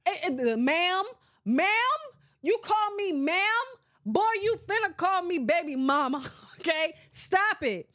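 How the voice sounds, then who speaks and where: A young woman hosting a casual podcast, playful and animated, laughing often as she reads live comments. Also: very high voice, unhurried. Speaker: podcast host.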